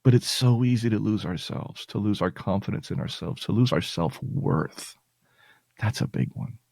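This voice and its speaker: A man's voice: lowish voice, normal speed, vocal fry, a little mellow, dry recording, studio quality. A male podcast host talking earnestly and reassuringly to his listeners, at times getting emotional. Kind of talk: heartfelt personal talk to listeners.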